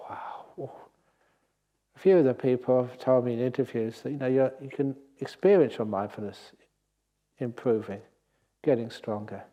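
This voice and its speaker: Gentle older man, mellow voice. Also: mid-range voice. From England. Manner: gentle, unhurried, with playful asides. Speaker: meditation teacher. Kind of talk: guided meditation talk. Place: meditation hall at a retreat centre.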